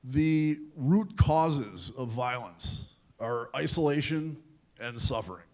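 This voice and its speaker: A man with a middle-pitched voice speaks at a large youth event. He tells his own story candidly, with self-deprecating humor, and briefly takes on the voices of others as he goes. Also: expressive, slow pace, darkish tone. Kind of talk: personal storytelling talk. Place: large event hall at a university.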